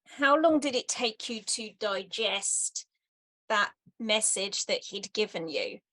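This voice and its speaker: Attentive woman interviewer, mid-pitched. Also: lively intonation, takes it slowly, bright, forceful tone. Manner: attentive, frequent affirming backchannels. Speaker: interviewer host. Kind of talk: interview conversation.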